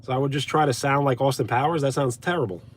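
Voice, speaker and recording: A man's voice: medium pitch, fairly even intonation, quick pace, breathy edge. A young man from Brooklyn, chatting casually on a live stream from his car, thanking viewers by name. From Brooklyn, USA. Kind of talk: casual live stream chat reading comments. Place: inside a car.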